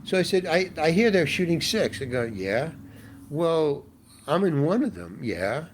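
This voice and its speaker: A man's voice: fairly high pitch, very animated, measured pace, slight background noise. An older man, a guest actor, telling stories in a casual interview, rambling with restarts and exasperated asides.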